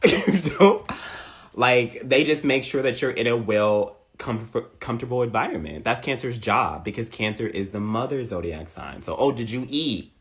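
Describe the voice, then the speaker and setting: Playful, animated man joking about astrology. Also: medium pitch, normal speed. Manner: animated, playful, repeats lines for emphasis. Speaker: astrology content creator. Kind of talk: casual comedic astrology monologue.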